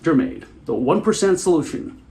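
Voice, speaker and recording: A man putting on a loud, over-the-top infomercial announcer who pitches high above his normal voice and stretches every slow, booming word. He sells hard and never lets up. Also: animated. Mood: hyped. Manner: booming, drawn-out sales pitch. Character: overblown male TV infomercial announcer.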